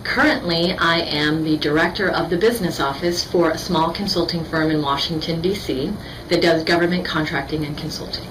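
Low-voiced woman over background noise. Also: fairly quick. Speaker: business office director. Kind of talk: formal self-introduction.

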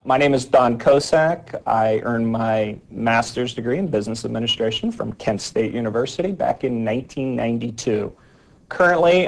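A man corporate vice president introducing himself in a formal, deliberate way. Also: medium pitch, vocal fry, poor audio. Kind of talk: self-introduction.

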